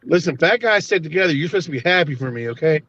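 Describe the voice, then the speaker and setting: A man's voice: a little high, expressive, quick pace, fairly bright tone. Joking man on a muffled call. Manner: joking, playful banter. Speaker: caller buying a snake.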